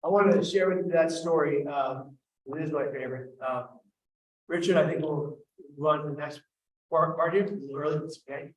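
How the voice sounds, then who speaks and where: An animated man on stage, telling a self-deprecating comic story at a quick clip. His voice sits fairly high. It echoes heavily through a large event hall, caught from some distance. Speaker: keynote speaker, host.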